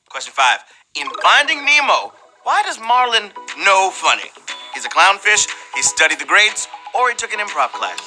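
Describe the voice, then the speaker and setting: A man hosting a live trivia game show in a playful, slangy, animated way, teasing the players. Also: high-pitched, rough recording.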